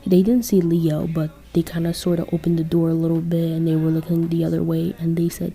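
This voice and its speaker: A woman's voice: on the low side, little pitch movement, brisk, creaky, hardly any pauses, dark tone, faint music behind. A woman narrating a casual fan-fiction story, chatty and rambling, often correcting herself.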